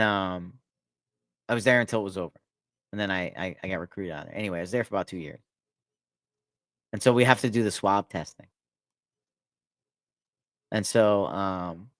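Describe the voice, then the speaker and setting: A man telling stories about his past work in a casual chat, animated and laughing often. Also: dry recording. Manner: animated, laughs often, acts out inmates in a loud high voice. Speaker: podcast guest. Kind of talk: casual storytelling.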